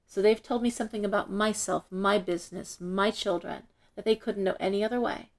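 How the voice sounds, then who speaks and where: A middle-aged woman, a shop owner, telling stories as an interview guest in an animated way, acting out the voices of the people in them. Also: mid-range voice, fairly quick. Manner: animated, acts out quoted voices when telling a story. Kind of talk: casual storytelling in an interview.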